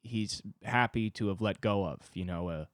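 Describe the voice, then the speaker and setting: A man's voice: fairly low pitch, normal speed, dry recording. A young man hosting a solo podcast, telling a frustrated, profanity-laced story and reflecting on his own anger. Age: young adult. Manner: ranting, profane, self-reflective. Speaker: podcast host. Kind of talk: solo confessional monologue.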